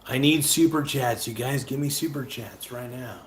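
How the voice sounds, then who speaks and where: This livestream host talks at a moderate pace in a mid-range voice, rambling, joking with viewers and now and then singing improvised rhymes between offhand comments. The room echoes, with faint ambient noise.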